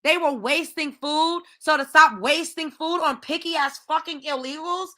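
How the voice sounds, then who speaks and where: A woman's voice: high voice, moderate pace, sharp tone. A woman hosting her own show, ranting in heated, profane commentary with lots of exclamations. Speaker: show host.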